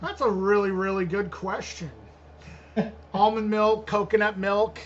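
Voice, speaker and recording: Over a remote internet connection, this podcast co-host speaks in a high-pitched, flat, unhurried way, with the upper frequencies cut off. His talk is a loose, casual ramble full of laughter and false starts.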